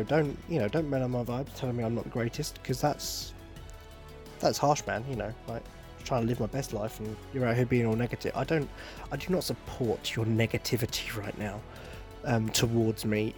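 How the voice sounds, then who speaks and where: A young man hosting a podcast, rambling in a casual monologue, excitable and sweary with self-mocking jokes. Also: medium pitch. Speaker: podcast host.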